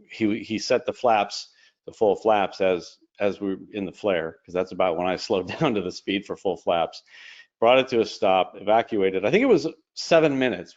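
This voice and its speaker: Low-voiced man telling a cockpit story. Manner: animated, fast retelling with quoted dialogue. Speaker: airline captain guest. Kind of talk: casual interview storytelling. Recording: dull lo-fi stream audio.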